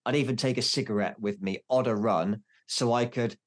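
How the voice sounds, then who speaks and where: A man's voice: medium pitch, fairly even intonation, brisk. A man in his forties, a podcast guest, talking candidly and mocking himself, with many restarts. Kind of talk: casual interview chat.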